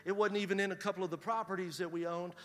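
A middle-aged man, a pastor telling a story in a sermon and building to loud preaching. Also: high-pitched, steady tone, racing. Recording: reverberant hall.

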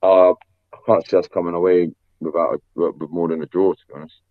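A man's voice: deep voice, brisk, dry recording. Slangy guy, muffled call audio. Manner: slangy, animated storytelling. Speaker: co-host. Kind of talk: casual football podcast chat.

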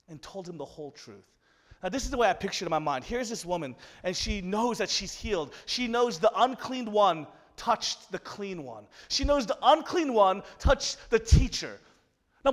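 A male pastor preaching a sermon in an animated storytelling way, acting out the characters. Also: high voice, in a large hall.

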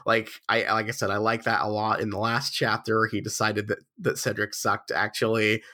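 A man co-hosting a podcast, sounding nasal with the flu, chatting in a wry, sweary way. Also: fairly quick. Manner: wry, sweary, lively pitch swings. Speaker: podcast co-host. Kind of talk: casual chat.

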